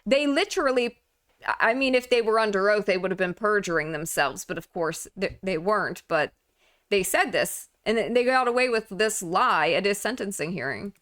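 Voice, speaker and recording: A woman giving casual, indignant commentary over video clips, speaking emphatically with frequent filler pauses. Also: medium pitch, expressive, a bit bright.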